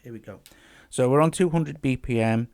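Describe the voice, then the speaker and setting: A man's voice: mid-range voice, normal speed, vocal fry, darkish tone. A man hosting a casual music app demo, chatting and thinking aloud as he works, often restarting his phrases. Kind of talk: casual tutorial talk-through.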